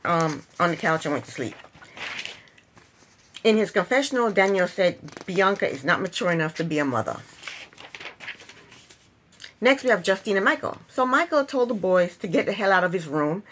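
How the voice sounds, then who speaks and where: A woman's voice: medium pitch, expressive, moderate pace, pauses often, fairly bright tone, slight background noise. Chatty woman recapping a reality show. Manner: chatty, opinionated, retells scenes with quoted lines. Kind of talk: casual recap commentary.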